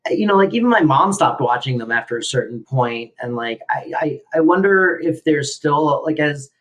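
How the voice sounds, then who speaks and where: A man's voice: on the high side, expressive, normal speed, a bit bright. A man co-hosting a podcast, chatting casually and thinking aloud in a loose, rambling way. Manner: rambling, many fillers, reflective. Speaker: podcast co-host. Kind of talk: casual conversation.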